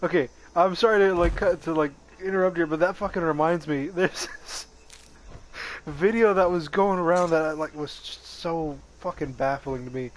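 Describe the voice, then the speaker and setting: A man's voice: a little high, a little hiss or hum. A man in a casual chat, swearing freely and laughing as he retells a story. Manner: profane, laughs often, quick jokey interjections. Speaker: podcast co-host.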